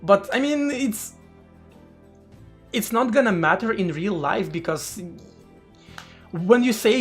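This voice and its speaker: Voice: medium pitch, a little slow. A streamer chatting casually during a live coding session, rambling with stammered restarts and casual swearing, faint music behind.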